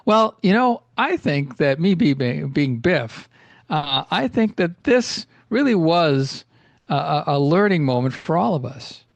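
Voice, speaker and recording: Casting: a man doing a dopey, halting male co-host who talks of himself in the third person, slightly high voice. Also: sing-song, vocal fry, no room sound, highs cut off, exaggerated voice. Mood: self-important.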